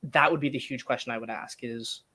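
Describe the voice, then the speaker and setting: A man's voice: medium pitch, steady tone, a little fast, pushed and bright, slightly rough. A man talking as a guest in a casual interview, thinking aloud with restarts and small laughs. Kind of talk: casual conversation.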